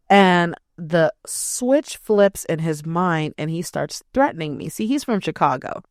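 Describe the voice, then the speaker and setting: A woman's voice: lowish voice, expressive, measured pace, no room sound, studio quality. A young woman hosting a podcast, telling a personal story in a blunt, profane, emphatic way. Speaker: podcast host. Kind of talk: casual storytelling.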